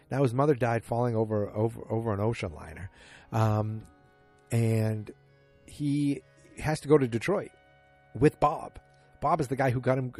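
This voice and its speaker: With a mellow, mid-range voice, a man hosting a podcast meanders through a recap of a show episode, fixing his own slips and loosely performing what the characters said.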